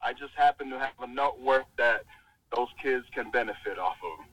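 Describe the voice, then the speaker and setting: Male guest, quiet laid-back delivery, mid pitch. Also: moderate pace, low-quality recording. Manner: soft-spoken, laid-back. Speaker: athletic trainer guest. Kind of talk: casual chat.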